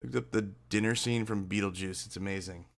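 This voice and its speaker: A man's voice: fairly low pitch, steady tone, brisk, gravelly. A man streaming live, joking and teasing his chat in a casual way.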